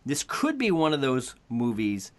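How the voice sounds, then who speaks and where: A man hosting a casual podcast chat, wry and animated, often correcting himself mid-sentence. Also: medium pitch, measured pace. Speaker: podcast host.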